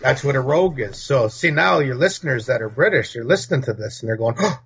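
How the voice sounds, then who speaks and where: A man's voice: mid-range voice, animated, fast talker, vocal fry, fairly bright tone, breathy edge. A man from North America, a podcast guest, talking in a blunt, rambling, opinionated way. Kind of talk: casual opinionated talk. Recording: dull lo-fi recording.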